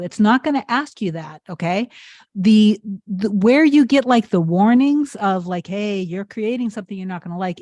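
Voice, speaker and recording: A woman's voice: medium pitch, a little mellow, dry recording. Earnest woman coaching in a dry close voice. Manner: earnest, encouraging, rambling with fillers. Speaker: manifestation coach. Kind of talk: casual advice talk to viewers.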